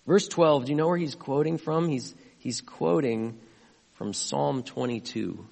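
A man's voice: mid-range voice, a little slow, gravelly, darkish tone, long reverb tail. A male pastor preaching a sermon, questioning the congregation and building to impassioned emphasis.

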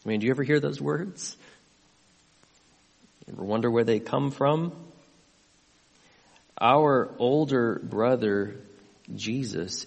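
A man's voice: mid-range voice, slow pace, creaky, pauses often, husky, in a large hall. A male pastor preaching a sermon, questioning the congregation and building to impassioned emphasis.

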